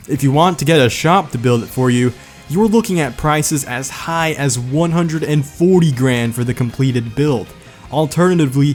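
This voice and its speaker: A man's voice: medium pitch, a little mellow. A man hosting a car video in scripted narration, joking and sarcastic, with a slight lisp from medicine. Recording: faint music behind.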